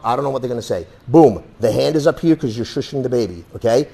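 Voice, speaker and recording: A man's voice: mid-range voice, expressive, fast, vocal fry, mellow, slightly rough. A man teaching self-defense through a hands-on demonstration, talking bluntly and cursing freely. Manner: blunt, profane, streetwise.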